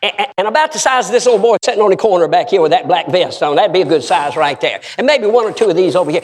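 A man with a high voice preaches in a church, spinning stories and acting out the people in them. His voice climbs into shouts at the big moments. Long reverb from the sanctuary trails every line. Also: lively intonation, quick pace, few pauses. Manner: storytelling with acted-out quotes, rising to shouts. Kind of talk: sermon.

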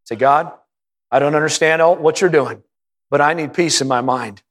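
Male pastor, fervent sermon delivery, slightly high voice, long church reverb. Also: moderate pace, fairly bright tone. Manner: impassioned preaching, rising to high emphatic peaks. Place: church auditorium.

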